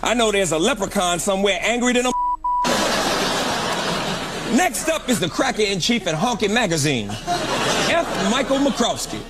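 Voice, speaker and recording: A man's voice: high voice, very animated, normal speed, long pauses, over a noisy crowd. An actor playing a brash male talk show host who mocks his guests as he introduces them, over a noisy recording.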